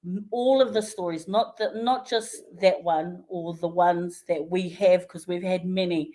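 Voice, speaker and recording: A woman with a New Zealand English accent, a guest in a casual radio interview, telling a story lively and acting out the people she quotes. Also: lowish voice, a little slow. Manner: lively storyteller who acts out quoted voices, often laughing. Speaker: interview guest, community health worker.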